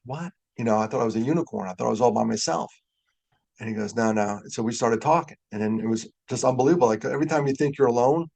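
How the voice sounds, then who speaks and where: Fired-up older man with a gravelly voice. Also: mid-range voice. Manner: animated, gets fired up. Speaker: keynote speaker. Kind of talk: storytelling talk. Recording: webinar audio.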